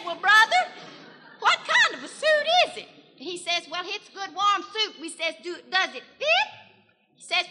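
A woman playing a chatty, excitable young country gossip gal with a rural Southern US accent, rambling through a folksy 1940s radio comedy monologue in a hollering twang with giggles. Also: extremely high pitch, noisy background. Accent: Southern US, rural Tennessee. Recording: 1940s radio broadcast, long hall reverb.

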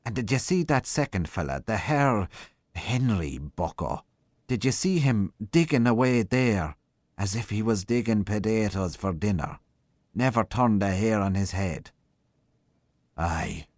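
A man's voice: lowish voice, animated, measured pace, darkish tone, no room sound, clean studio sound. A man voicing a chatty, rambling Irish country policeman who marvels aloud. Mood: marvelling. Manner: rambling, wondering talk.

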